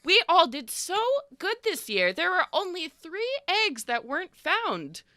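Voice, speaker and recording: A woman's voice: very high-pitched, sing-song, unhurried, bright, forceful tone, no room sound, studio quality, voice pushed up, exaggerated voice. A woman voicing a cheerful village festival announcer in a tabletop game, with sing-song, gushing, exaggerated cheer. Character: chirpy woman festival announcer, overly upbeat.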